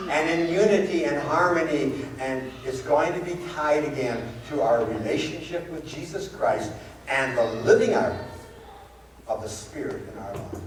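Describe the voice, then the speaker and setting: A man preaching a sermon as a pastor, telling stories and asking the congregation rhetorical questions. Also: medium pitch. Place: church sanctuary. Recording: very echoey church hall, far-off mic, background noise.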